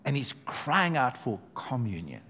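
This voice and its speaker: A man's voice: mid-range voice, big pitch swings, a little slow, a bit bright, breathy edge. A man preaching a sermon to his church, emphatic and conversational, calling out to the congregation as he goes. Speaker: pastor.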